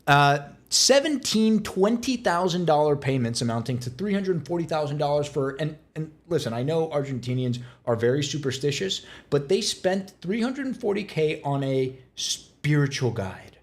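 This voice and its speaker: Animated man co-host, slightly high voice. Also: normal speed, hardly any pauses. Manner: animated storyteller, emphatic. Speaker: podcast co-host. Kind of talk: casual market chat.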